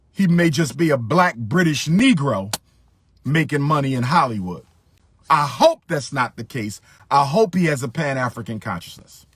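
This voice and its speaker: A man's voice: a little high, a bit bright, husky, no echo. A middle-aged man giving impassioned commentary, emphatic, repeating his phrases for stress.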